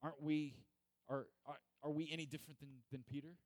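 A man's voice: fairly high pitch, level tone, a little fast, a little mellow, no echo. A man preaching a sermon, earnest and repetitive, building to emphatic peaks.

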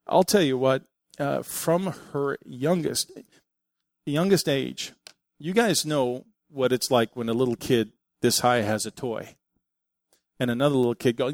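A middle-aged man preaching a sermon, telling family stories in an animated way and acting out what people said. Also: medium pitch, normal speed, no room sound, studio quality. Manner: animated storytelling, acting out quotes. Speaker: pastor.

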